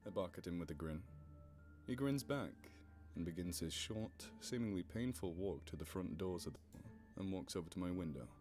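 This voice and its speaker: A man reading a first-person story aloud in a steady, plain manner. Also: deep voice, normal speed, soft background music. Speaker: story narrator.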